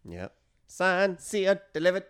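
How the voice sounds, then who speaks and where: A man's voice: high-pitched, big pitch swings, unhurried, a bit bright. A man hosting a casual chat, laughing often and swearing freely as he reels off song titles.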